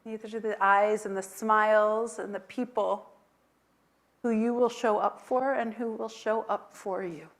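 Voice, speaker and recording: A woman's voice: medium pitch, steady tone, unhurried. A woman rabbi leading a worship service in a synagogue, speaking tenderly and chanting Hebrew blessings. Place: synagogue sanctuary.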